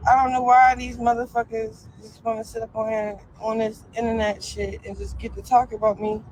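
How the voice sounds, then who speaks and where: A woman's voice: on the high side, level tone, fairly quick, darkish tone, a little hiss or hum, low-quality recording. A young woman ranting on a live stream, defiant and profane, full of fillers. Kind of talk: casual live-stream rant.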